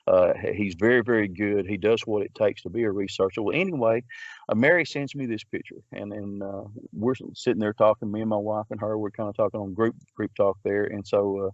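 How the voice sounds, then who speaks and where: Low-voiced man telling a rambling story. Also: steady tone, fairly quick, no room sound, muffled recording. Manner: rambling, many restarts and filler words. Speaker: Bigfoot researcher guest. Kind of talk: casual storytelling.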